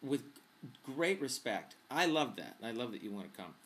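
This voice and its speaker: A man's voice: mid-range voice, big pitch swings, normal speed, fairly bright tone. Chatty, campy man hosting a vlog. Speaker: vlog host answering viewer questions. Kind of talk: casual Q&A vlog.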